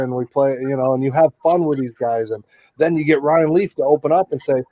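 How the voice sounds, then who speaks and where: Middle-aged guy rambling thru stories w lots of asides, mellow and dry. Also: a little high, a little fast, no room sound. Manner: chatty, rambling, many asides. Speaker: sports reporter guest. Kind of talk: casual storytelling interview.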